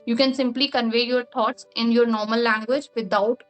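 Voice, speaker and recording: A woman with a high voice answers questions in a relaxed, chatty way. Her first language is Hindi, and she explains each point at length, often using "like" as a filler. Faint music plays under her speech. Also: normal speed. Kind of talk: casual interview answers.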